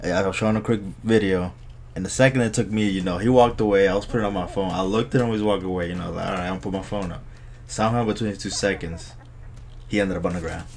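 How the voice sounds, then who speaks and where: A man with a lowish voice tells stories on a casual podcast. He gets animated and laughs as he goes. A faint hiss runs underneath. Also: very fast. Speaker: podcast co-host. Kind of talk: casual chat. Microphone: podcast microphone.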